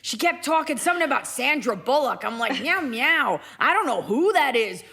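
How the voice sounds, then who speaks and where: A woman's voice: high voice, very animated, normal speed, creaky, pushed and bright, slightly rough, pitched above the performer's own voice, exaggerated voice. A woman voicing a grumpy, streetwise female cat who complains in tough, slangy talk.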